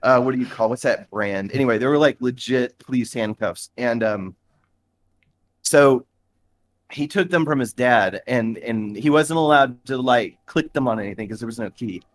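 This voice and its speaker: A man's voice: medium pitch, moderate pace. Rambling man telling a story. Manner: rambling, many fillers and restarts. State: shivering in a cooling bath. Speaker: podcast co-host. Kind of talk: casual storytelling chat.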